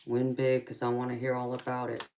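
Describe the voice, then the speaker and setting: A woman's voice: very deep voice, completely flat delivery, brisk, a little mellow, slight background noise. A woman with a thick Southern accent, chatting casually with viewers on a live stream as a tarot reader and calling them pet names like baby and darling. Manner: laughs often between remarks.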